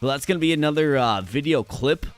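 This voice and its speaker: A man with a hoarse voice, chatting energetically with viewers during a live stream. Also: fairly high pitch, fast talker, soft background music.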